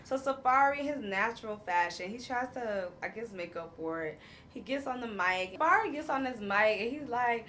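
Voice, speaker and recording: A woman's voice: a little high, normal speed, slight background noise. A woman, casually recapping a reality show episode, acting out quotes and laughing often. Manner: animated storyteller, acts out quotes, laughs often.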